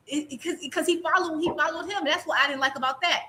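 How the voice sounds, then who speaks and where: A woman's voice: sits high, quick pace, pushed and bright. A woman co-hosting a casual boxing panel chat, ranting emphatically and acting out quoted voices.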